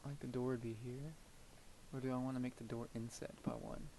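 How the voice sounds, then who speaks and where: A man's voice: mid-range voice, level tone, a little fast, slight background noise, poor audio. Rambling young man narrating gameplay. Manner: rambling, thinks aloud while building, trails off into soft murmurs. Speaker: gameplay commentator. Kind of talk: casual let's-play commentary.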